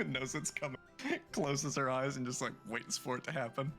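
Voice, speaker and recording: A man's voice: mid-range voice, fairly even intonation, normal speed, a bit bright, soft background music. A man playing in a tabletop game, talking easily and describing what his character does. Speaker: player. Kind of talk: tabletop role-play chat.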